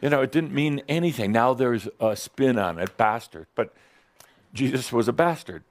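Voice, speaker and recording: A man's voice: medium pitch, animated, moderate pace. A man giving a playful, provocative spiritual teaching talk to a live audience in a workshop room, laughing often.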